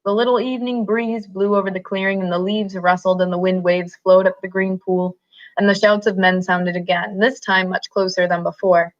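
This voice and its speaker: A woman reading a novel aloud at a steady, unhurried pace, in a slightly muffled recording. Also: mid-range voice. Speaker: reader.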